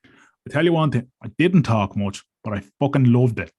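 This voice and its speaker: A man's voice: mid-range voice, lively intonation, normal speed, darkish tone, breathy edge. A man co-hosting a podcast, talking in a chatty, frank way. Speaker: podcast co-host. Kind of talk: casual podcast conversation.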